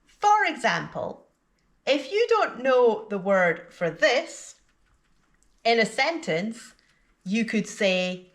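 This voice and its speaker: A woman teaching an English lesson in a slow, deliberate scripted delivery, with exaggerated intonation in her example sentences. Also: on the high side, very animated.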